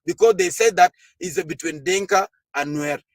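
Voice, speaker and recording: A man's voice: high voice, moderate pace, gravelly, no echo. A man from Sudan, a party official giving an impassioned political speech to a gathering, firing off rhetorical questions with frequent hesitations. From South Sudan.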